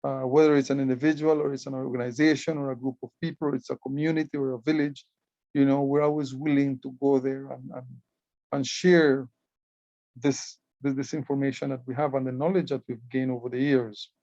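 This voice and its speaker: A man's voice: medium pitch, flat delivery, fairly quick, warm tone, no room sound, muffled recording. Earnest Belizean man explaining glyphs. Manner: earnest, repeats words while explaining. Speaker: Maya writing club educator and guide. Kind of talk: presentation explaining hieroglyphs.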